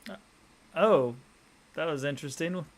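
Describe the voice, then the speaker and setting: A man's voice: on the high side, a little slow. A man co-hosting a casual chat show, laid-back and rambling with many fillers. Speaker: podcast co-host.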